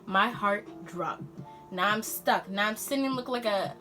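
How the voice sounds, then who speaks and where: A teenage girl vlogger telling a storytime in an animated, slangy way. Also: medium pitch, a little slow, faint music behind. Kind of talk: storytime vlog.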